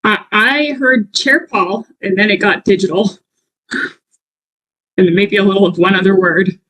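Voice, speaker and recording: Meeting participant on a video call; plain, practical voice, mid pitch. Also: a little slow, pushed and bright, poor audio. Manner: plain, checking audio levels. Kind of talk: casual meeting talk.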